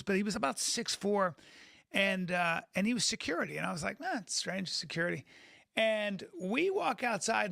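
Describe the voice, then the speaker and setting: A man with a high, bright voice tells a long rambling anecdote, stopping and restarting as he acts out what people said. He talks casually as a podcast co-host. The sound is dry and close. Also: gravelly, dry recording. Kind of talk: casual political chat and storytelling.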